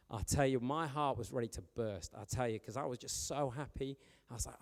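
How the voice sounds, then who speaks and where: A man, a youth pastor preaching in a chatty, animated, storytelling way. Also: mid-range voice, fairly quick. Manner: chatty, animated, joking with the young audience. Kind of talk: informal storytelling sermon. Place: church hall. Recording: long hall reverb.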